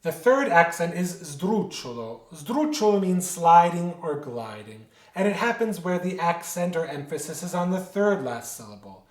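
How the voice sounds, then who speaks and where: Male music teacher, slightly high voice, patient explainer who asks and answers his own questions, echoey room. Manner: explanatory, poses rhetorical questions and answers them. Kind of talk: instructional lecture. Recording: roomy echo.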